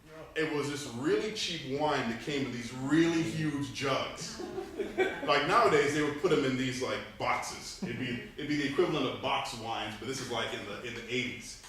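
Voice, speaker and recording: A man in his thirties, from Panama, giving an animated humorous speech to a club, laughing between lines. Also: medium pitch, normal speed. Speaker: club speaker. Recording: echoey room, distant mic, faint noise.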